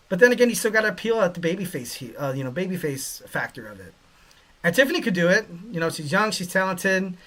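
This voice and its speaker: Bright high-voiced man rambling wrestling talk. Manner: rambling, lots of "you know" fillers, joking asides. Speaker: podcast host. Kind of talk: casual wrestling commentary.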